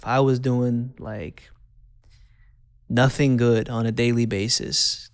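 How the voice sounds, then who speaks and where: Gravelly, smooth-voiced man telling his story. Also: medium pitch, little pitch movement, slow, long pauses, no echo, studio quality. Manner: candid, conversational, repeats phrases for emphasis. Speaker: host. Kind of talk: personal testimony.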